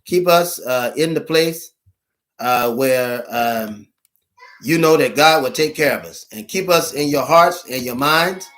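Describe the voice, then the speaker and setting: A male minister addressing his viewers in a livestream, speaking in halting, earnest appeals full of pauses, fillers and restarts. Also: medium pitch, a bit bright. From United States.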